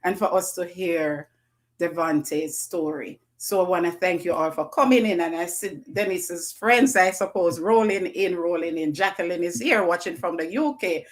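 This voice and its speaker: A woman's voice: on the low side, moderate pace. A Jamaican woman hosting a live stream, greeting her viewers one by one in an effusive, repetitive way. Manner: effusive, greets viewers by name, repeats phrases. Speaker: livestream host.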